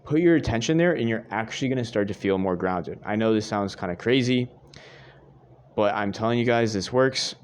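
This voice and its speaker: A man's voice: on the low side, a little fast, clear, resonant tone. A young man giving earnest dating advice straight to his viewers, repeating his points and calling them guys. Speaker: dating coach. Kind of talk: direct-to-camera advice monologue.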